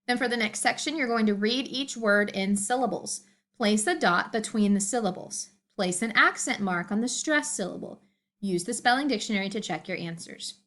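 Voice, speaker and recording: A woman's voice: mid-range voice, bright, forceful tone. A woman teacher recording homework instructions, explaining reading and spelling tasks patiently step by step.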